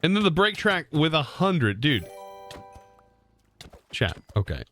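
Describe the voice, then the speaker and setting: Excitable young man streaming a game. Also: a little high, normal speed, soft background music. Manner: excitable, exclaiming, thanks viewers. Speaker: livestream host. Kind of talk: live gameplay streaming.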